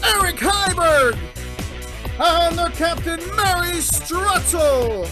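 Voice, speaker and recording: Woman announcer, slow drawn-out sports hype, clear music bed. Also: very high voice, expressive. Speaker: announcer introducing the teams.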